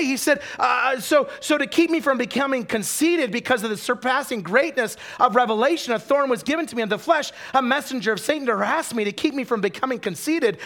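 A man with a high voice preaches a sermon in a church. He tells personal stories in a lively, animated way and keeps turning to the congregation with rhetorical questions, often stumbling and repeating a word as he starts a sentence.

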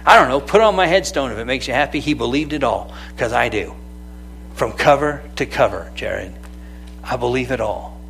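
A man preaching a sermon, lively and conversational, calling out to people in the room by name. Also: medium pitch, moderate pace, gravelly, slight background noise. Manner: animated, calls out to people by name. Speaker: pastor.

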